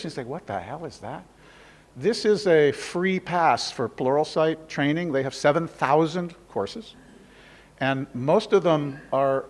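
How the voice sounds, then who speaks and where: A man's voice: medium pitch, long reverb tail. A middle-aged man from New York with an American accent, giving a casual, joking conference talk with many fillers. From New York City. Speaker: conference speaker, instructor. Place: conference hall.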